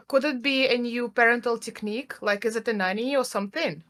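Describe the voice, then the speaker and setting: Bright, higher-voiced female player. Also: brisk. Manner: quizzical, joking. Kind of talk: casual tabletop play.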